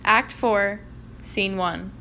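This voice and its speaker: A woman's voice: medium pitch, steady tone, very slow, vocal fry, sharp tone, a little hiss or hum. A young woman casually retelling a play in slangy, laid-back words. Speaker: narrator.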